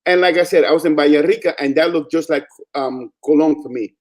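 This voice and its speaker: Fast-talking Panamanian man telling stories. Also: a little high. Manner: fast, animated storytelling with quoted dialogue. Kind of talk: casual chat.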